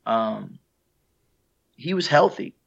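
A man's voice: on the low side, sing-song, slow pace, creaky. Man telling heartfelt stories, dull lo-fi sound. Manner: reflective, heartfelt storytelling with easy laughs. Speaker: guest musician, saxophonist. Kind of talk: casual interview talk.

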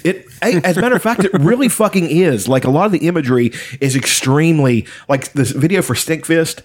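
A man's voice: fairly high pitch, lively intonation, a little fast. A man chatting casually, retelling a story at length with lots of fillers and swearing. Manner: rambling, profane storytelling with many fillers. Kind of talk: casual chat.

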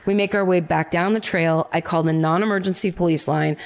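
A woman podcast co-host with a fairly low voice reads a listener's story aloud in her thirties. Her delivery is wry and casual, with laughs slipping in along the way. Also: fairly even intonation, a little fast. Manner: wry, laughs often while reading.

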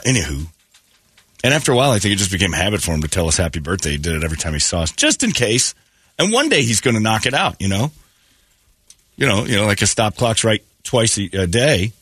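A man's voice: fairly low pitch, very animated, fast talker, fairly bright tone, husky. A man hosting a morning radio show, telling rambling, jokey stories in casual chat. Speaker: radio host.

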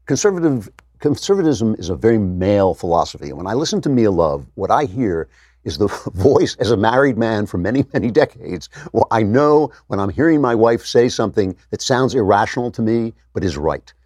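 A man's voice: on the low side, big pitch swings, brisk, a little mellow, no room sound, studio quality. A middle-aged man giving an opinionated political monologue as host, sarcastic, often mocking others in a raised voice.

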